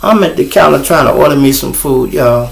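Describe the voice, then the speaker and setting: A middle-aged man with a Chicago accent, hosting his show and telling a profane, animated story in a casual way. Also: mid-range voice, fairly quick, creaky. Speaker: show host. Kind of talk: storytelling on a livestream.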